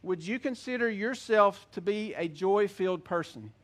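High-voiced man preaching a sermon. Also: animated. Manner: earnest preaching with slow emphatic scripture reading. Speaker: pastor.

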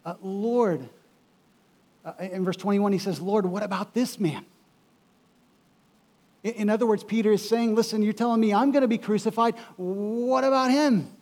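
A man preaching a sermon as pastor in a church, emphatic and repeating his key phrases, swinging between loud and quiet. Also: sits high.

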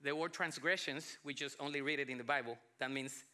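A man in his forties from Colombia with a Colombian Spanish accent mixed with South Texas English, preaching a sermon as a pastor with emphatic phrasing and quieter asides. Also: mid-range voice, steady tone. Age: 40s. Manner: emphatic preaching with pauses, drops to soft asides.

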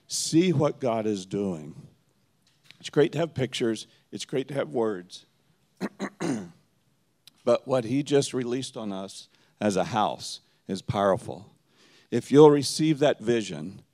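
A man's voice: medium pitch, mellow. A man speaking as a church elder, addressing the congregation with earnest encouragement. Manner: earnest and encouraging, building in intensity. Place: church sanctuary.

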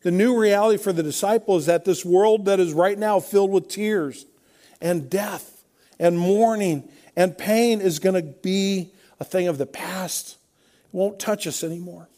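A middle-aged pastor with a notably high voice for a man preaches a sermon in an unhurried, mellow way. He is conversational yet emphatic, piling up repeated refrains as he builds his points.

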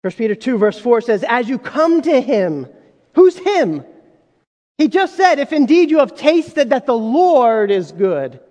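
A man's voice: very high voice, big pitch swings, a little slow, dark tone, highs cut off. A man preaching a sermon as pastor, talking conversationally and addressing the congregation with asides. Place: church sanctuary. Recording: long hall reverb.

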